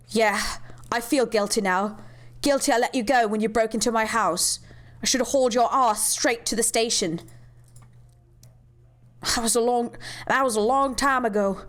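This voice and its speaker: A woman voicing a weary outlaw who pleads and apologizes to an old friend, speaking lower and softer. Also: lightly acted.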